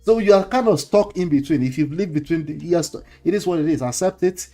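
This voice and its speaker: A man's voice: a little high, fast, warm tone, soft background music. A man with a Nigerian accent hosting a casual commentary show, lecturing his viewers, repeating his points and dropping in pidgin words. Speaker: host.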